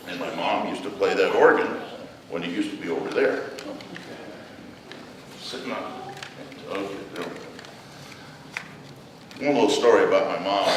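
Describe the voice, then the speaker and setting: A man giving a children's message in church, gently telling a story and asking the children questions. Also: deep voice. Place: large church hall. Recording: echoey hall, mic far off, room noise.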